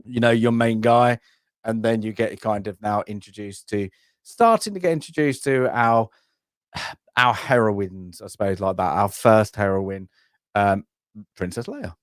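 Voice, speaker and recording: A man's voice: on the low side, unhurried, dry recording, clean studio sound. A man co-hosting a casual film review chat, rambling and hesitant with frequent restarts. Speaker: podcast co-host.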